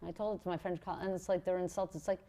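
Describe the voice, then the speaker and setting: A woman's voice: lowish voice, racing. A woman from Montreal, chatting as a podcast guest and telling stories with lots of restarts and swearing. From Montreal, Canada. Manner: animated storytelling, swearing, frequent restarts. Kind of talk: casual chat.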